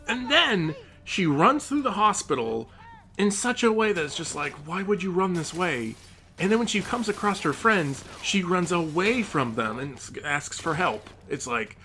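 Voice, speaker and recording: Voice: medium pitch, sing-song, measured pace, pushed and bright. A gaming commentator in a profane, exasperated rant about a game, with frequent outbursts of rising disbelief.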